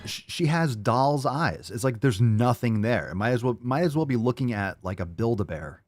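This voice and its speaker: A man's voice: medium pitch, lively intonation, moderate pace, darkish tone, faint music behind. A man hosting a commentary show, ranting crudely and mocking his subject with sarcasm. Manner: crude, mocking, sarcastic rants with mock voices. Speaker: show host.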